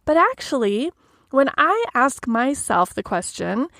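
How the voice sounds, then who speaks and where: A woman with a high, light voice talks through a coaching podcast, gentle and measured. The sound is close and dry, with no room around her. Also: big pitch swings, creaky, no room sound. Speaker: life coach podcast host. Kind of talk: solo podcast talk.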